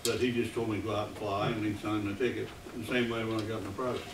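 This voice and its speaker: A man in his eighties, from the United States, giving a rambling, halting public comment at a meeting. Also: fairly low pitch, level tone. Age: 80s. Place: meeting room. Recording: echoey room, distant mic, noisy.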